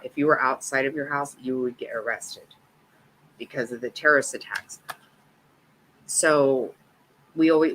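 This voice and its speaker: A woman's voice: very deep voice, fairly bright tone, slight background noise, low-quality recording. A woman in her fifties telling a personal story in a rambling, casual way, swearing freely. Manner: rambling, swears freely, laughs between lines.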